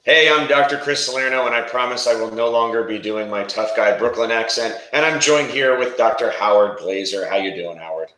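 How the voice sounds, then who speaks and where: A man's voice: mid-range voice, a little fast, hardly any pauses, sharp tone, reverberant, poor audio. A man hosting a casual promo chat, talking freely with frequent restarts. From New York area. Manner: chatty, restarts often. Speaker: host.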